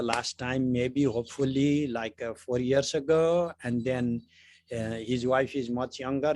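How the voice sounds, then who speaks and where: A man's voice: mid-range voice, darkish tone. A middle-aged man, a spiritual teacher, giving a conversational philosophy lecture full of anecdotes and "you know" fillers.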